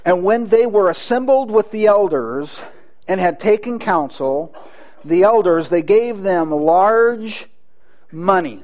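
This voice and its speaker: A man with a high voice preaching a sermon. He talks earnestly, often restarting his sentences and putting questions to his listeners. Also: darkish tone. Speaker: pastor.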